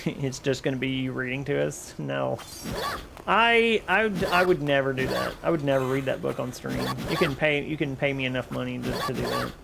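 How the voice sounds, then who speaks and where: A man's voice: medium pitch, gravelly, noisy background. A young man streaming a game, chatting casually, rambling and joking back at his chat.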